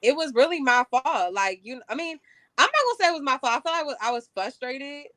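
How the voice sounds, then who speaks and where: Candid young woman, bright and dry. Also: high voice, big pitch swings, quick pace, no room sound. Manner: candid, casual, frequent "like" and "you know". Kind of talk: casual chat.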